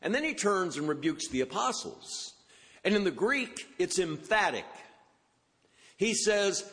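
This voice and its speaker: A man's voice: on the high side, sing-song, measured pace, fairly bright tone. A man preaching an expository sermon, quoting scripture and lifting his voice for emphasis on the quoted words. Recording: long hall reverb.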